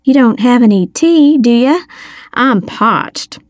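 A genteel, theatrical older lady who gushes over everyone in a high, sweet voice, as a woman reader puts her on. She speaks slowly and grandly, recorded close and dry for a storybook. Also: animated, no echo. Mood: gushing.

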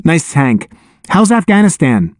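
A man's voice: on the high side, sing-song, unhurried, no echo, clean studio sound, pitched above the performer's own voice. Man doing a nerdy genius boy. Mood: matter-of-fact. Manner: matter-of-fact, timid.

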